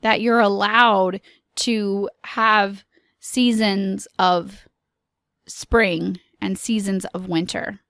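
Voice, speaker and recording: A woman speaking on a motivational podcast, unhurried and measured, with a gravelly fry in her voice. She talks to the listener earnestly and encouragingly, recorded close on a dry mic. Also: mid-range voice, steady tone, a bit bright, no room sound. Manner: earnest, encouraging, speaks in slow deliberate phrases. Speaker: podcast host.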